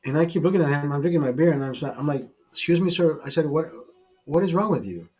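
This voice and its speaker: A man's voice: fairly high pitch, animated, fast, darkish tone, slightly rough, soft background music. A man hosting a casual show, telling a rambling, profane story with many restarts and repeated words. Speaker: host.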